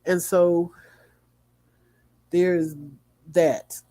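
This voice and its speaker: Man, livestream host, sleepy, yawning, reads news aloud, slightly high voice, mellow tone, small slips. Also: little pitch movement, very slow.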